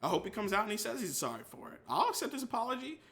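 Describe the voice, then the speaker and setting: Speaking in rapid-fire bursts with a high voice, a young man reacts to his chat and reads it aloud. It's animated, casual live-stream commentary.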